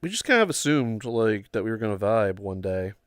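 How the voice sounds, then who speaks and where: A man's voice: on the low side, sing-song, fairly quick, dry recording, studio quality. A young man hosting a livestream chat, telling long rambling stories full of "like" and "um". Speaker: livestream host. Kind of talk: casual storytelling chat.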